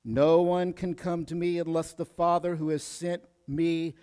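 A man preaching a sermon in a high, ringing voice that carries a long reverb through the sanctuary. He shifts between hushed, measured passages and loud, emphatic bursts, and he repeats phrases to press a point home. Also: clean tone. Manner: energetic, swings from hushed to loud, repeats himself. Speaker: pastor.

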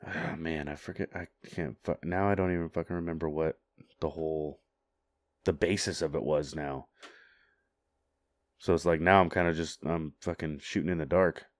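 A man's voice: very deep voice, fairly even intonation, normal speed, no room sound. A man chatting casually on a podcast, rambling and hesitant with lots of filler words and casual swearing. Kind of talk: casual chat.

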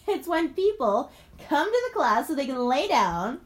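A woman's voice: high-pitched, sing-song, unhurried. A woman yoga teacher chatting enthusiastically in a casual vlog, talking while she moves through yoga poses. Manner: chatty, enthusiastic, rambling with many fillers.

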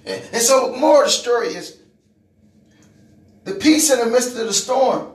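A man's voice: extremely high pitch, measured pace, roomy sound, distant mic. A man telling a personal testimony, repeating words and restarting his sentences, building to emphatic moments. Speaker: speaker giving a personal testimony. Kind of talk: testimony storytelling.

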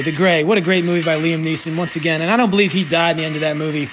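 A man's voice: on the high side, steady tone, rapid-fire, over music. A man hosting a sports betting podcast, ranting in a sarcastic, profane, rambling way into a sensitive desk microphone. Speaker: podcast host and sports bettor. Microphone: new sensitive microphone at a desk.

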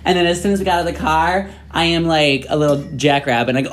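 A man's voice: on the high side, fast, few pauses. Tipsy young man rambling a story. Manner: rambling, animated, heavy swearing. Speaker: podcast co-host. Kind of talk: casual storytelling chat.

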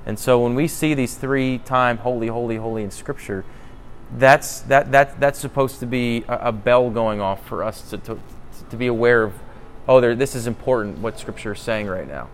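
A man's voice: mid-range voice, normal speed. Guy doing a casual bible teaching, earnest, keeps restarting sentences, bit of faint noise behind. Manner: earnest, thinking aloud, frequent restarts.

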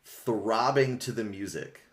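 A man's voice: lowish voice, lively intonation, slow. A man hosting a podcast, chattily retelling a story with frequent laughter and lots of filler words. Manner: chatty, laughs often, many filler likes. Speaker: podcast host recapping a book series. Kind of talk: casual chat, retelling a story.

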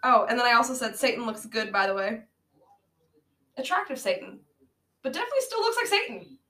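A woman's voice: a little high, very animated, fairly quick, sharp tone. A woman co-hosting a casual movie-review podcast, recapping a bad film with sarcasm, frequent laughter and swearing. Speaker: podcast co-host. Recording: echoey room, amateur audio.

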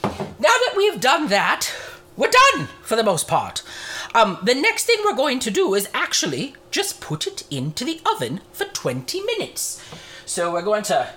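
A woman's voice: on the high side, huge pitch swings, measured pace, fairly bright tone, exaggerated voice. A woman playing a cheerful, motherly Mrs. Claus who hosts a cooking segment, chatty and rambling with cheeky asides. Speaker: show host in character.

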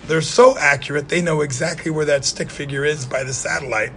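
Hoarse, gravelly-voiced man joking around. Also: fairly high pitch, fairly quick, fairly bright tone, a little hiss or hum. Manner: jokey storyteller, playful. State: hoarse, frog in his throat. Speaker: podcast co-host. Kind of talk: casual chat.

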